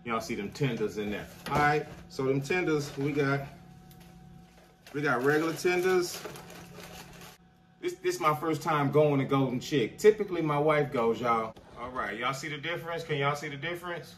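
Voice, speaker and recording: A man's voice: on the high side, moderate pace, a bit bright, slight background noise. A man, a chef, chatting his way through a casual food review at home and constantly addressing viewers as "y'all.". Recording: voice a bit far from the mic.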